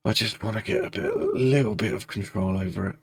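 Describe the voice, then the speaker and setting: Low husky guy walking you through a tapping meditation, repeats the same calm affirmations over and over. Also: no echo. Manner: slow, repetitive first-person affirmations. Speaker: meditation guide.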